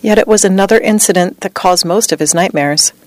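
A woman reading a true story as scripted narration, with a measured, even delivery. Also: mid-range voice, dry recording.

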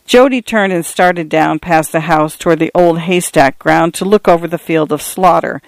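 A man reading a novel aloud as an audiobook narrator, measured storytelling with slight tone shifts for characters. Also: fairly high pitch, gravelly, no room sound.

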